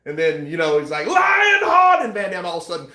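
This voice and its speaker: A man hosting a boxing news channel, chatting casually and acting out scenes with shouts and sound effects. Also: a little high, steady tone, very fast, roomy sound, heavy background noise. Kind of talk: casual live-stream chat.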